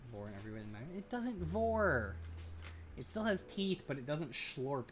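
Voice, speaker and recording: A woman livestreaming casually while she builds a model kit, ranting and swearing, jumping from loud outbursts to low muttering. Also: a little hiss or hum. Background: background music.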